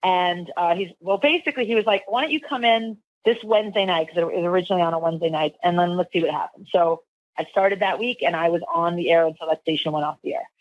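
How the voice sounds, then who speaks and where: Woman radio host as podcast guest; rambling, filler-heavy storyteller; flat-sounding, dull recording. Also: fairly low pitch, quick pace, no room sound. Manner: rambling, lots of fillers and restarts. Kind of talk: casual interview storytelling.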